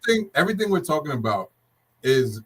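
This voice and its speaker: A man speaking as a podcast guest, calmly explaining business plans in a casual chat. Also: a little high, fast talker, breathy edge.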